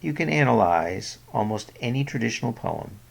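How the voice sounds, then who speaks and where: A man narrating a scripted lesson on poetry, explaining terms clearly and stressing the example words. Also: medium pitch, lively intonation, normal speed. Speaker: poetry teacher.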